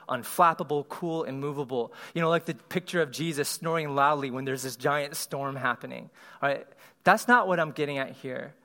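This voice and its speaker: A man's voice: fairly high pitch, sharp tone. A man giving a conversational sermon, laughing lightly and often asking his listeners "right?".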